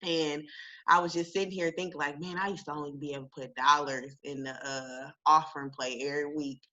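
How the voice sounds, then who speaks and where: Chatty woman, low voice but bright tone, super casual. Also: a little fast, muffled recording. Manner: chatty and relaxed, says "like" a lot, laughs easily. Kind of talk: casual chat.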